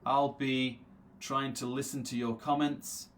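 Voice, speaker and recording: A man teaching a live interactive English lesson. He repeats words slowly to drill their pronunciation and answers viewers' chat comments by name. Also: mid-range voice, level tone, a little hiss or hum. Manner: reads viewer names aloud from the chat and answers them.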